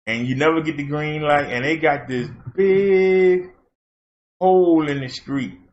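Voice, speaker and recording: Host, male, folksy and rambling, voice on the high side, dull recording. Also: measured pace, a little mellow. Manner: rambling, folksy storytelling with fillers. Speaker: channel host. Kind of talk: casual chat. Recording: dull lo-fi sound.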